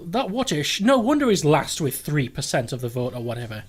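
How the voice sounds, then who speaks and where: A man commenting on a game he plays, excitable and swearing, breaking into loud outbursts. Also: fairly high pitch, a little fast, few pauses, slightly rough, soft background music. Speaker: game video host. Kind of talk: let's play commentary.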